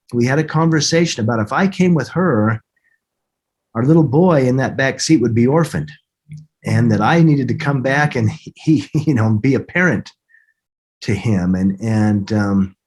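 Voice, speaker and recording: A middle-aged man with a husky voice, recounting a personal story as a podcast guest in an earnest, halting way with many restarts. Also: medium pitch, a little mellow.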